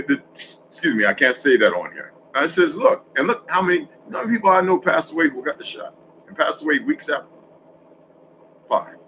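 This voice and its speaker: A man's voice: on the high side, a little hiss or hum, low-quality recording. Rambling man in a casual monologue. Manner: rambling, self-correcting, swinging between loud and hushed.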